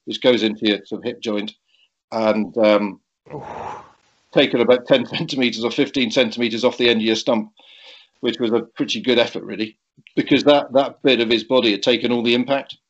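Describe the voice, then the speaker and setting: A man's voice: medium pitch, steady tone. A middle-aged man telling a story in a conversational way, hesitant and full of restarts, often chuckling. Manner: halting, with frequent restarts and chuckles. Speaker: guest recounting a cycling accident. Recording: dull lo-fi recording.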